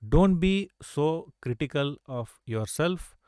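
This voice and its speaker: A man's voice: on the high side, animated, slow pace, dark tone, clean tone, dry recording, clean studio sound. A man teaching a live chess lesson, coaxing his students with rhetorical questions and constant "right?" and "okay?" checks. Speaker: chess coach.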